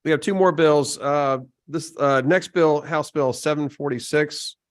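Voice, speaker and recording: A man chairing a legislative committee meeting, speaking haltingly with many fillers and restarts. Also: a little high, fairly even intonation. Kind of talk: formal committee proceedings.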